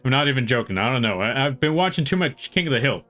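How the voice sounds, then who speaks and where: A man with a relaxed American accent that has a slight Southern twang chats casually on a live stream. He rambles in a friendly way and greets viewers by name. His pitch sits in an ordinary middle range, with faint music playing behind him. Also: fast. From western United States. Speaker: art streamer.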